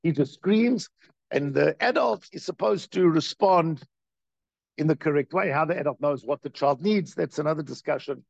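A man giving a Torah class as its teacher, in an animated, questioning way full of rhetorical questions. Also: fairly high pitch, normal speed, vocal fry, dry recording, muffled recording.

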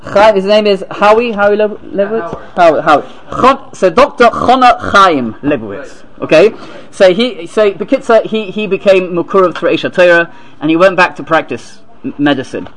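High-voiced man giving a sermon. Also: animated, a bit bright, poor audio. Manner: halting, restarts and repeats words, then reads aloud steadily. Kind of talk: sermon with a read-out story.

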